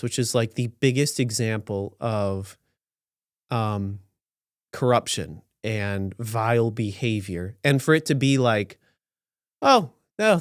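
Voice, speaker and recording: A man's voice: mid-range voice, smooth, no echo, clean studio sound. A man hosting a podcast, giving sarcastic and rambling commentary on news stories with many restarts. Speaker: podcast host.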